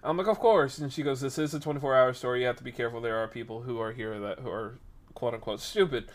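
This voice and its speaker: A young man casually telling a workplace story on a stream, acting out the people in it and getting loud at times. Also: mid-range voice, quick pace. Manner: animated, acts out quoted voices, rises to loud outbursts.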